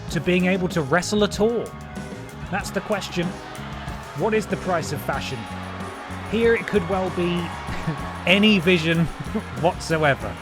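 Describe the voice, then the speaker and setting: A man, streaming a wrestling game and doing playful mock-announcer commentary with jokey asides. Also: sits high. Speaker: gaming streamer.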